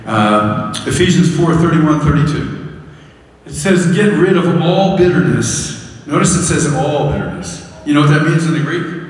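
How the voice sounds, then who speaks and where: A male pastor giving a sermon, telling candid stories with self-deprecating laughs and climbing high and loud for emphasis. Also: moderate pace. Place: church sanctuary. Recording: echoey hall, voice from far off.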